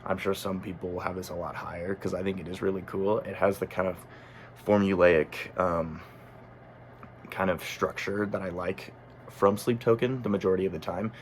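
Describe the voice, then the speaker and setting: A man's voice: sits low, fairly even intonation, normal speed, slight background noise. A man talking casually as a music critic, thinking aloud with frequent ums and self-corrections. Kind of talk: casual album review monologue.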